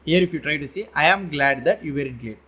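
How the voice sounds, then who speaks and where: A man's voice: on the high side, animated, fast talker, sharp tone. A man giving a coding tutorial, explaining in an informal, meandering way with frequent restarts and repetitions. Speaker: web development instructor. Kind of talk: coding tutorial, screen-share lesson.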